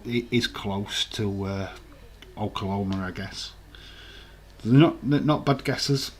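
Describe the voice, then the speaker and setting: A man's voice: mid-range voice, slight background noise. A man hosting a casual quiz live stream, reading out viewers' answers and swearing now and then.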